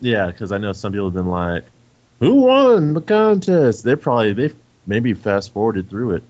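A man co-hosting a casual gaming podcast, animated and teasing. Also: fairly low pitch, a little fast. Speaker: podcast co-host. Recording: dull lo-fi sound.

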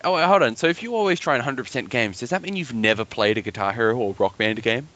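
A man's voice: medium pitch, quick pace, a bit bright, lo-fi sound. A man co-hosting a casual gaming podcast, joking around and laughing often. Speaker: podcast co-host.

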